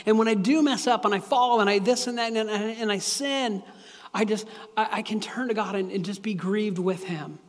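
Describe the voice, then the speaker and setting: Male pastor, high-pitched, casual confessional sermon, reverberant hall. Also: normal speed. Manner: casual, confessional, with many restarts and asides. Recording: echoey hall with long reverb.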